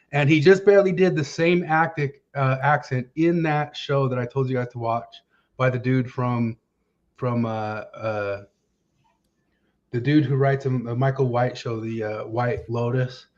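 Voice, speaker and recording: A man's voice: mid-range voice, fairly even intonation, unhurried. Guy rambling on his podcast, lots of uhs, mid voice, muffled audio. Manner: rambling, searches for names with many fillers. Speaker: podcast host. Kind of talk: casual chat. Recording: dull lo-fi sound.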